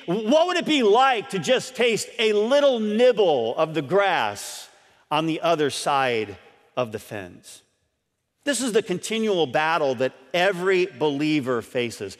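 A man preaching in an earnest, emphatic way, his voice set high and swinging widely in pitch as he drives his points home. He repeats key lines and turns to the congregation with questions. The sound carries a long reverb, as from a church hall. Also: fairly bright tone. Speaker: pastor. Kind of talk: sermon.

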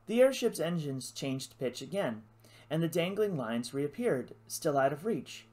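Expressive audiobook narrator with lively pitch. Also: a little slow. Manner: expressive storytelling. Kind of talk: scripted narration.

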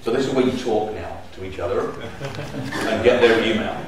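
A man's voice: fairly low pitch, normal speed. Fifties man presenting on stage, bantering with the crowd, picked up from afar in a roomy hall. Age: 50s. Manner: chatty, joking with the audience. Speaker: conference speaker. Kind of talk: live conference presentation. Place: large conference hall. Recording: echoey hall, mic at a distance.

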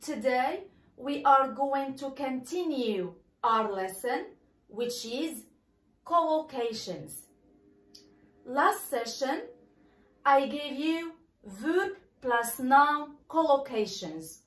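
Lively high-voiced woman teaching English. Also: echoey room. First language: Arabic. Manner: slow, stressed model pronunciations of words. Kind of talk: bilingual language lesson.

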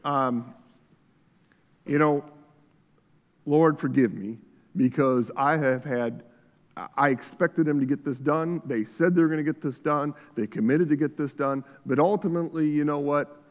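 A man preaching a sermon as pastor, shifting between quiet reflection and loud fervor, recorded in a church sanctuary. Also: a little high, steady tone, normal speed, dull audio. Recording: church hall reverb.

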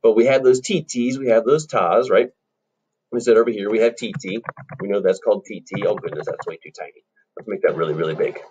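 A man's voice: fairly quick, a little mellow, muffled recording, slight background noise. A male music teacher giving a recorded lesson to children, friendly and encouraging, explaining patiently. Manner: friendly and encouraging, explains patiently, sings short phrases high up.

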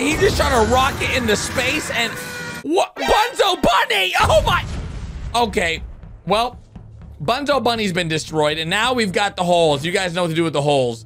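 Excitable man with lively high voice. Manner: excitable, loud outbursts and laughter. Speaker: YouTube host reacting to animations. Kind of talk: excited reaction commentary. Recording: background music under the voice.

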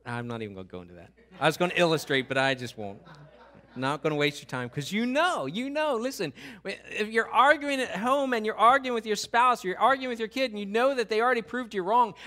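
Bright-voiced, lively preaching man. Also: high voice. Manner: conversational and animated, with quick asides and repeated restarts; acts out what God and others say. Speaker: pastor. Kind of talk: sermon.

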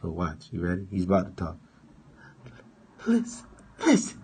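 A man's voice: low voice, flat delivery, a little mellow, slight background noise. A man hosting a casual livestream, mocking and profane, drawing out his words. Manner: profane, mocking, drawn-out delivery. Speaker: livestream host.

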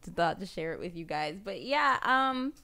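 A woman's voice: lively intonation, measured pace, bright, forceful tone. Chatty woman podcast host. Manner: chatty, laughs often, jumps high when quoting. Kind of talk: casual chat reacting to a movie trailer.

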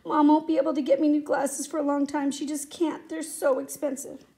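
A woman reading aloud, voicing a gentle schoolboy who pleads in a raised voice. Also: high voice, level tone, fairly quick. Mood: sad. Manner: pleading, tearful when upset. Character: gentle, kind schoolboy who dances ballet.

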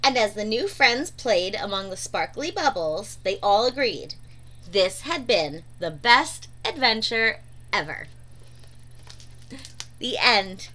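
Expressive woman reading a children's story. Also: medium pitch, slow pace. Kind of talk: children's read-aloud.

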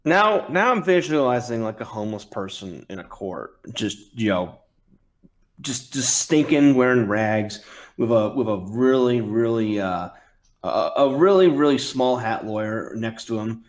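A man's voice: mid-range voice, lively intonation, measured pace. A man hosting a podcast, trading wry, provocative jokes in casual chat. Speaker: podcast host.

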